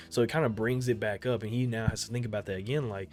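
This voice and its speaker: A young man giving casual commentary on an anime episode, rambling and profane, repeating himself and jumping suddenly loud and high when worked up. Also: lively intonation, quick pace, hardly any pauses. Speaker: anime reaction video creator.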